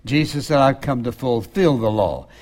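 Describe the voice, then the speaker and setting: A man preaches in a relaxed, conversational way, his voice sitting at an ordinary middle pitch. When he quotes scripture, he sinks into a soft, low delivery. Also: normal speed. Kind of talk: sermon.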